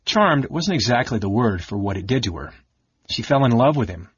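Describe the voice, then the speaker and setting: A man's voice: mid-range voice, very animated, normal speed, slightly rough, no echo, muffled recording. A man voicing a young male kender telling a story earnestly and with remorse.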